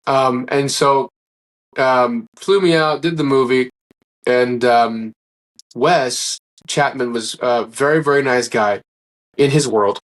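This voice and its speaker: A man's voice: mid-range voice, takes it slowly. A man speaking as a guest in a casual interview, telling stories in an earnest, rambling way and often restarting his sentences. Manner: earnest, rambling, acts out quoted dialogue.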